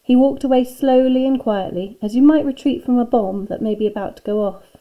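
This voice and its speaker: A woman reading a children's book aloud with expressive storytelling. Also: fairly high pitch, fairly quick, low-quality recording. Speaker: school staff reader.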